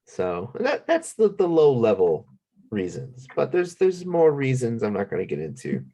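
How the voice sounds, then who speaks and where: A man's voice: mid-range voice, huge pitch swings, moderate pace, dark tone. A man co-hosting a podcast, talking earnestly and building his points step by step. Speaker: podcast co-host. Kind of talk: casual chat.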